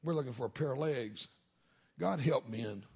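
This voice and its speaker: A man's voice: mid-range voice, moderate pace, creaky, darkish tone, husky. A middle-aged man, a minister giving a humorous testimony sermon in a folksy storytelling way with punchlines.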